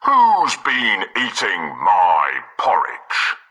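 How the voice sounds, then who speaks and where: A man putting on a slow, booming papa bear. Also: huge pitch swings, pushed and bright, exaggerated voice. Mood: indignant. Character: big gruff father bear, grown male. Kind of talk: storybook reading.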